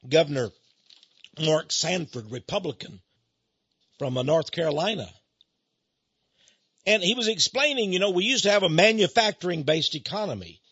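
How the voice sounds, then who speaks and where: A man's voice: high-pitched, a bit bright, husky, no echo, muffled recording. A middle-aged man hosting a radio ministry show, ranting in an impassioned, preachy way and laughing often, recorded in a radio studio.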